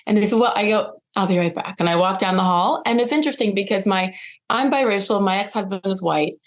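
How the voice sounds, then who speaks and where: Animated woman telling a personal story. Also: mid-range voice, quick pace. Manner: animated, acts out quoted dialogue. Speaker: guest.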